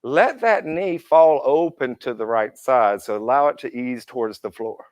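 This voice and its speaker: Lively-voiced man leading a yoga class. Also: medium pitch, moderate pace, no room sound. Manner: encouraging, counts through poses, playful asides. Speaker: yoga instructor. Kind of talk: live guided yoga class instruction. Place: indoor yoga class room.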